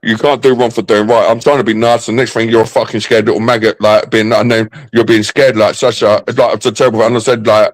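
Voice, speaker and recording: Man, drinking, sweary repetitive ranter, rapid delivery, dry close sound. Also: fairly low pitch, flat delivery, no room sound, rough recording. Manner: ranting, sweary, repeats himself. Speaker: streamer guest. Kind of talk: casual live-stream chat.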